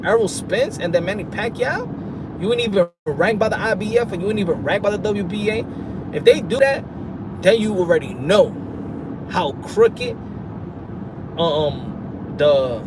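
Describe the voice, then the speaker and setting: High-voiced New guy in loud traffic. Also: a little slow, long pauses. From New York City. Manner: rambling and animated, talks straight to viewers. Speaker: boxing live streamer. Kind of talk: casual live-stream chat. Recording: loud car and street noise.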